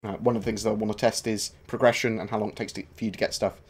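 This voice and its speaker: A man hosting a gaming channel, casually answering viewer questions on a livestream in a relaxed, rambling way with many filler sounds. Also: lowish voice, racing, breathy edge.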